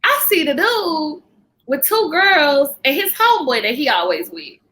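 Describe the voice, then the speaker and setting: A woman, a podcast guest, telling an animated personal story in casual chat and venting to her listeners. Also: high-pitched, unhurried. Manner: animated, vents to listeners as "y'all".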